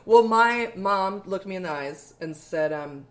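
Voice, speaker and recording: A woman's voice: mid-range voice, measured pace, slight background noise. A woman co-hosting a podcast in casual chat, laughing often and swearing freely. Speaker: podcast co-host.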